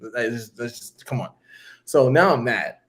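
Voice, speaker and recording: A man casually telling a long story on a podcast, acting out what people said with big jumps in his voice. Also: a little slow. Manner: animated, acts out quotes with big pitch jumps.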